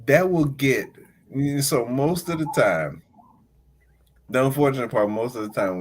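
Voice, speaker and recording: A man's voice: lowish voice, a little hiss or hum, low-quality recording. A man in his forties, hosting a podcast and telling stories in casual chat, laughing often and acting out the people he talks to. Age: 40s. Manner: animated storytelling, laughs often, acts out callers. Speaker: podcast host.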